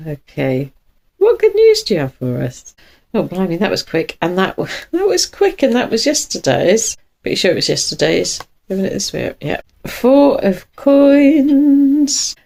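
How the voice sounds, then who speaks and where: A woman chats through a tarot reading from her couch at home. Her voice sits a little low yet leaps up and down with lively swings of pitch. She rambles, laughs often and corrects herself mid-sentence. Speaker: tarot reader. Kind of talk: casual tarot reading to camera. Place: cosy couch corner at home.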